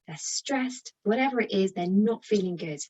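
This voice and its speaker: A woman's voice: mid-range voice, expressive, moderate pace, darkish tone, highs cut off. A British woman giving a chatty, encouraging parenting talk straight to viewers. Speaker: parenting coach. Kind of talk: direct-to-camera parenting talk.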